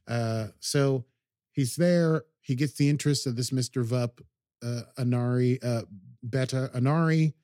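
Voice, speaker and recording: A man of middle pitch talks casually through a story recap, wandering off track and circling back with plenty of ums and half-finished phrases. His voice sits close and dry, with no room sound around it. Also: fairly even intonation, measured pace, warm tone, no echo. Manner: rambling, hesitant, many ums and restarts. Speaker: podcast host.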